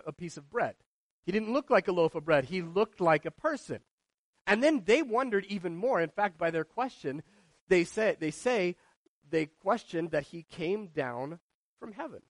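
A man preaching a sermon, moving between loud and hushed delivery and asking the congregation questions. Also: high-pitched, no room sound. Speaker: pastor.

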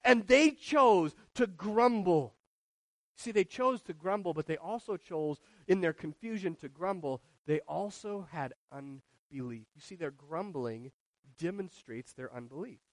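A man preaching a sermon, moving between loud and hushed delivery and asking the congregation questions. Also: sits high, lively intonation, a little slow, no room sound. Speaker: pastor.

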